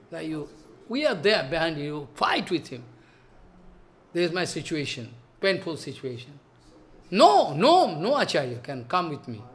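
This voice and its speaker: A man lectures on devotion in a high voice. His tone is bright and sharp, and he presses his points with scolding rhetorical questions. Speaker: spiritual teacher.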